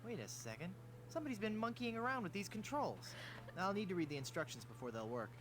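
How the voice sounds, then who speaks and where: An actor voicing a wisecracking young pirate hero in a video game, delivering dry, sarcastic quips. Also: male voice, sits high, very animated, fast, background noise. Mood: wry.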